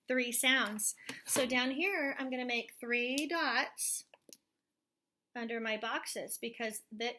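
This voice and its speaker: Female teacher, high bright voice, remote phonics lesson from home, slow and clear sounding-out.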